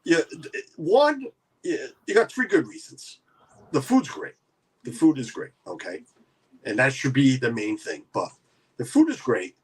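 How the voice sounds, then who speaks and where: A man's voice: mid-range voice, huge pitch swings, measured pace, husky. A man hosting a casual livestream chat, rambling with many restarts. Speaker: livestream host.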